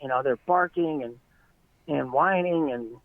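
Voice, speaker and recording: A man's voice: fairly high pitch, a little slow, dry recording. A middle-aged man, an eyewitness guest, earnestly telling a long story in casual, rambling talk over a tinny phone line.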